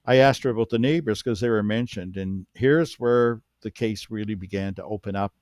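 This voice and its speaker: Low-pitched Canadian man, ex-cop guest, spins an animated anecdote, dry close recording. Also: moderate pace, no echo. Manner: animated storyteller who acts out quoted speech, with frequent restarts. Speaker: former police officer and paranormal researcher, podcast guest. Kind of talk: storytelling in a podcast interview.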